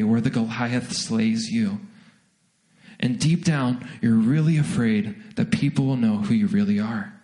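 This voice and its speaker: Man, young adult, pastor, sermon, lively storytelling, fairly high voice. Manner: animated, self-deprecating storytelling with acted asides.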